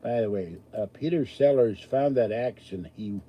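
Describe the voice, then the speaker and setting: A man's voice: medium pitch, normal speed, dull audio, slight background noise. A man hosting a live stream, chatting casually with a rambling, self-deprecating, joking manner. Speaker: livestream host answering chat.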